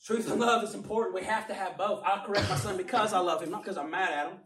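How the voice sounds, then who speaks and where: A man preaching a sermon with passion, swinging from quiet, low remarks up to emphatic shouts. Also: fast talker, a little hiss or hum. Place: church hall. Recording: roomy sound from a distant mic.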